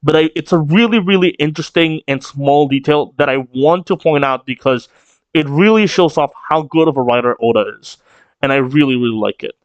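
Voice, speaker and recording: A man's voice: a little high, a little fast, dry recording, highs cut off. A man giving casual, rambling reaction commentary on a manga chapter, full of fillers and swearing.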